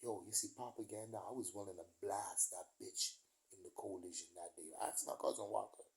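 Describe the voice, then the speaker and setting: A man's voice: fairly low pitch, fairly even intonation, brisk, vocal fry. Profane New man ranting. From New York, USA. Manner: profane, emphatic street talk. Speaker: vlogger. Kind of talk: ranting storytelling monologue.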